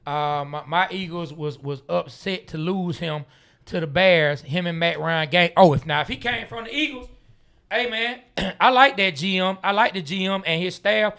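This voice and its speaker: A man talks sports in a loose, lively way and breaks into laughs often. His voice sits a little high and sounds bright and forward. He riffs and jokes with his co-host. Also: moderate pace, gravelly, clean tone. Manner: animated, laughs often, drawling Southern slang. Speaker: podcast co-host. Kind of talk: casual sports talk.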